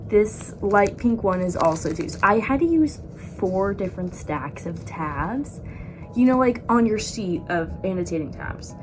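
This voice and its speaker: A woman book vlogger in casual chat, rambling and excitable with frequent laughs. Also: mid-range voice, unhurried, soft background music.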